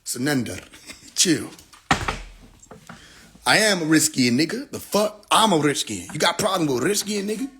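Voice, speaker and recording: A man's voice: a little high, big pitch swings, normal speed, pauses often, slightly rough. Joking man muttering and laughing on a phone livestream. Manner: joking, laughs often, swears freely; switches between loud outbursts and quiet mutters. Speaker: livestream host. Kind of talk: casual livestream chat.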